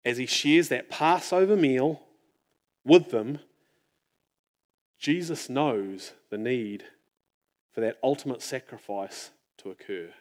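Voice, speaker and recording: A man's voice: medium pitch, slow, long pauses. Earnest man preaching a sermon. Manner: earnest, reflective, often drops to a near-hush.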